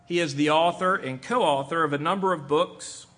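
A man with a fairly high voice reads a formal introduction for a guest speaker. His tone is bright and crisp, and his delivery is measured.

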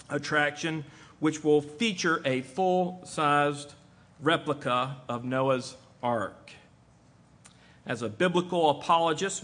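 A man reading a formal introduction of a guest speaker in a measured way. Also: fairly high pitch, bright, forceful tone.

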